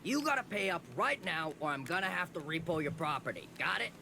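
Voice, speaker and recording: A man's voice: fairly high pitch, animated, brisk, gravelly, background noise. An actor playing a curt, officious male crab tax collector in a video game. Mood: officious, impatient. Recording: game audio with loud music.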